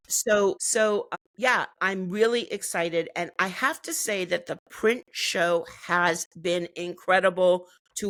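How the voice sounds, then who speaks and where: A woman's voice: lowish voice, a bit bright, dry recording. A woman from the United States chatting enthusiastically as an interview guest, now and then laughing as she talks. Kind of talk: casual interview chat.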